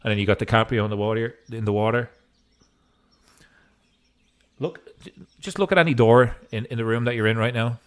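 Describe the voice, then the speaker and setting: A man's voice: medium pitch, a little fast, pauses often, smooth. A man giving casual gameplay commentary as a streamer, in a goofy mood with joking asides. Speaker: gaming streamer.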